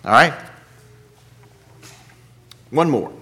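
A man's voice: medium pitch, animated, drawn-out words, pushed and bright. A man preaching a sermon, rising to emphatic scripture quotes and asking the congregation questions.

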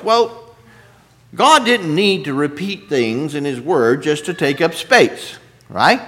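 A man's voice: sits high, animated, measured pace, a bit bright. A man preaching a sermon, rising to emphatic scripture quotes and asking the congregation questions.

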